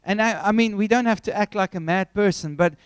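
A man preaching a sermon, telling a story with animated, acted-out scenes. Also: high-pitched, fairly quick, clean tone, dry recording.

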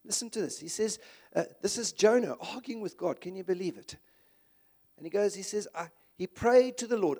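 Male preacher, high voice, impassioned conversational sermon delivery. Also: expressive, normal speed, darkish tone.

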